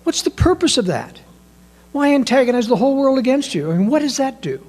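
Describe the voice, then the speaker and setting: A man giving a political analysis talk, emphatic and full of rhetorical questions, addressing listeners as ladies and gentlemen. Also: very high-pitched, sing-song, brisk. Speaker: political commentator.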